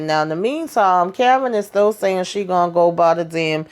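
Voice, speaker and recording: A woman's voice: lowish voice, normal speed. Chatty woman recapping a TV episode. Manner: chatty, slangy storyteller. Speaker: TV recap vlogger.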